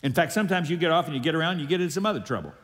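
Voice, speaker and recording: A man's voice: on the high side, animated, rapid-fire, a bit bright. A male pastor preaching a sermon with emphatic delivery, calling on the congregation to repeat lines after him. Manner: emphatic preaching with audience call-and-response. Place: church sanctuary. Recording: long hall reverb.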